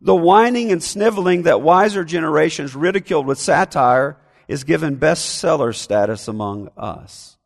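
Gravelly high-voiced preacher in a reverberant hall. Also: male voice, normal speed, few pauses. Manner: animated, acts out whining voices. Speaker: pastor. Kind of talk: sermon.

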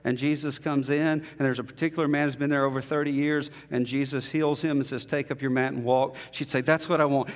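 A male preacher telling a story in a sermon, rising to impassioned peaks and then dropping to a soft hush. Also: mid-range voice, little pitch movement, fairly quick, hardly any pauses. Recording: long hall reverb.

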